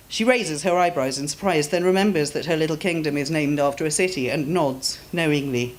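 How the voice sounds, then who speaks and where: A woman author reading her own story aloud in a measured, expressive way at a live reading. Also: low voice.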